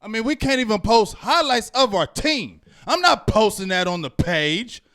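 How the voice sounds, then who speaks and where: A man hosting a fan reaction show, ranting heatedly and swinging between loud outbursts and low muttering. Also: animated, moderate pace. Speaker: host. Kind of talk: postgame fan reaction rant.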